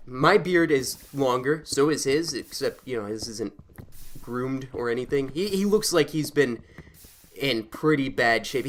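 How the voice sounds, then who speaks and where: A young Canadian man telling an animated, excitable story while playing a game, with frequent restarts and loud bursts. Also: medium pitch. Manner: animated, excitable, acts out quotes loudly. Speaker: gameplay commentator. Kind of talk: casual storytelling over gameplay.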